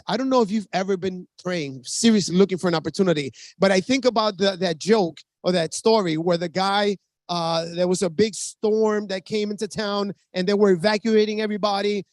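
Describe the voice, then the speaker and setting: A man speaking as a network marketing distributor, giving an urgent motivational pitch with stories and often calling the audience guys. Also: no room sound.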